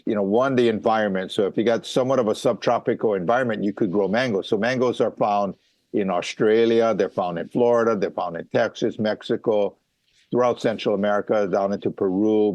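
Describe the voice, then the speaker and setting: Middle-aged male farmer from Hawaii, lowish voice, dry recording, chatty explainer with frequent ums and restarts. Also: a little mellow, no echo. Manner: explanatory, lots of fillers and restarts. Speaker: mango farmer guest. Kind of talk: casual interview talk.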